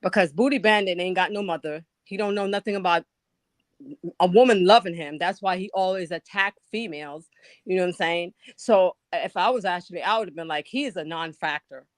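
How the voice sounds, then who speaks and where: A woman ranting on a live stream, loud, blunt and profane, swinging from a low grumble to shrieks. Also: fairly quick, no room sound. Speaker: guest caller on a live stream. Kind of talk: heated live-stream rant.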